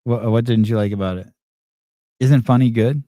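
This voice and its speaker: A man's voice: mid-range voice, normal speed, dark tone, no room sound, clean studio sound. A man hosting a podcast, teasing and quizzing a guest in casual, profane banter. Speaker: podcast host. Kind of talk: casual live-show banter.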